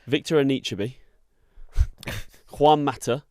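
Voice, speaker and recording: A man's voice: mid-range voice, slow, darkish tone, no echo, clean studio sound. A young man co-hosting a podcast, bantering and teasing in casual chat. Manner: teasing, banters, calls people bro and mate. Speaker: podcast co-host. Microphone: podcast studio mic.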